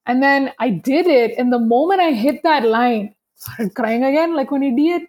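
A woman's voice: high voice, moderate pace, darkish tone. A young adult woman talking candidly on a podcast, emphatic and peppered with "like". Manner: emphatic, candid, heavy use of "like". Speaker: podcast guest, podcast host and business owner.

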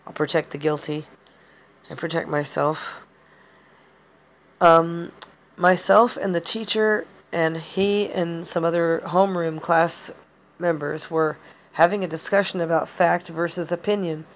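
A woman's voice: lowish voice, steady tone, a little slow. A woman hosting a podcast, talking through personal experiences in a rambling, hesitant way with many fillers and restarts. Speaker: podcast host. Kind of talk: personal monologue.

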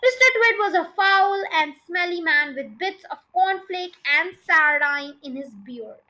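A woman's voice: sits high, bright, forceful tone, low-quality recording. A woman hosting a podcast, reading a children's book aloud in a chatty way that sometimes stumbles over words. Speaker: podcast storyteller.

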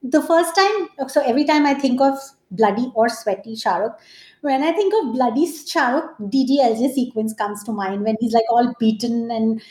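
A woman's voice: fairly high pitch, normal speed. A woman co-hosting a podcast, chatting casually about films with frequent laughs. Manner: animated, laughs often while talking. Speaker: podcast co-host. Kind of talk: casual film chat. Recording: roomy echo.

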